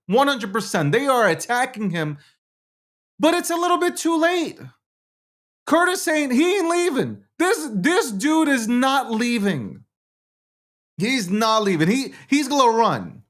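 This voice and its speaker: A fuming middle-aged man from New rants as the host of his own show. His voice swings widely up and down as he gets louder, repeats himself and swears. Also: high voice. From New York City. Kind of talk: ranting political commentary.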